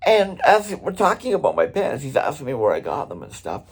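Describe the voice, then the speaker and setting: A man's voice: fairly high pitch, wildly swooping pitch, fairly quick, slightly rough. A middle-aged man, a drummer, telling a story in his casual vlog, talking conversationally and swearing now and then.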